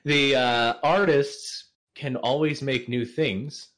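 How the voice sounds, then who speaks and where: A man's voice: medium pitch, steady tone, slow pace, a bit bright. A man as the guest on a casual podcast, answering questions hesitantly with lots of ums and easy laughter. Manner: hesitant, many fillers, laughs easily. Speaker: interview guest.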